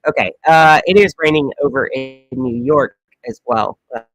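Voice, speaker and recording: A man's voice: mid-range voice, normal speed, fairly bright tone, dry recording, soft background music, poor audio. A man hosting a comedic weather livestream, chatting casually and rambling with lots of fillers and jokes. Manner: rambling, joking, many fillers.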